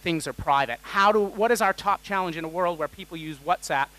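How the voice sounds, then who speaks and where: Jokey, energetic male keynote speaker. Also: high voice, fairly quick, low-quality recording. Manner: energetic and jokey, quizzing the audience. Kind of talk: lively conference talk. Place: conference stage.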